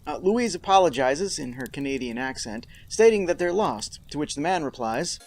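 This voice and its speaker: A man's voice: a little high, expressive, normal speed, gravelly. A man hosting a podcast, recapping a horror episode with sarcastic, mock-outraged asides. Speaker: podcast host.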